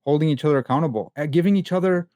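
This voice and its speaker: A young man as a podcast guest, telling personal stories in a candid, animated way full of casual slang and fillers. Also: a little high, rapid-fire, dry recording. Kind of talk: casual conversation.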